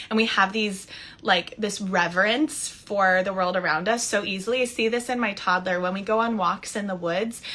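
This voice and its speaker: A woman in her thirties, a spiritual coach, talking casually on a live stream with warm enthusiasm and frequent laughter. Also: medium pitch. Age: 30s. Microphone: phone.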